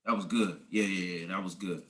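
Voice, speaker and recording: A man's voice: low-pitched, fairly even intonation, brisk, a bit bright. A man giving a motivational talk on a group call as a team leader, emphatic and preachy, talking slangy and calling listeners guys and family.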